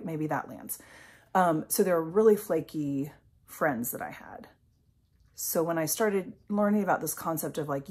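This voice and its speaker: A woman with a lowish, husky voice talks openly as a life coach. Her delivery is casual and rambling, full of fillers and the occasional swear word. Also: a little mellow. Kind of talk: candid personal vlog talk.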